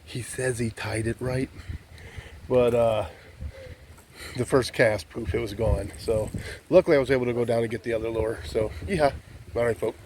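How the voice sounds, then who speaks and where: A man vlogs from inside his van and outdoors by the water, chatting in a folksy, rambling way and calling his viewers "folk" while holding his phone. His medium-pitched voice is a little mellow, with fairly even intonation, a moderate pace and long pauses. There's slight background noise.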